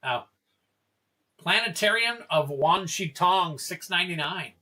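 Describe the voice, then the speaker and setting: Bright-voiced chatty man hosting a stream. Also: high voice, expressive, unhurried. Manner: chatty, reads card names and prices aloud to chat. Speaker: livestream card-opening host. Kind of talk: casual livestream chat.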